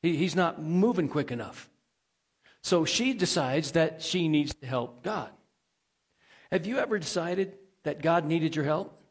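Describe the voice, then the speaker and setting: A man's voice: fairly high pitch, animated, unhurried, slightly rough. A male pastor preaching a sermon in a conversational way, asking the congregation questions and adding folksy asides.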